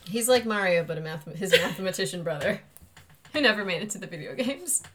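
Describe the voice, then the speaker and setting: A woman's voice: on the low side, animated, brisk, noisy background. A woman co-hosting a podcast in casual chat, explaining from her notes in a rambling, self-correcting way. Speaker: podcast co-host.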